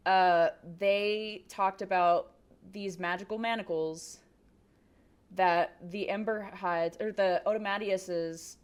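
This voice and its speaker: A woman playing a tabletop role-playing game, soft-spoken and hesitant, slipping between her character and table chat with giggles. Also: mid-range voice.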